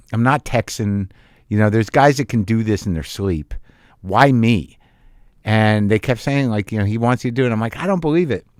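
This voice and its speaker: A man in his fifties, a guest comedian and actor, talking in a halting, self-deprecating way with many restarts. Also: lowish voice, dry recording, clean studio sound. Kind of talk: casual interview chat.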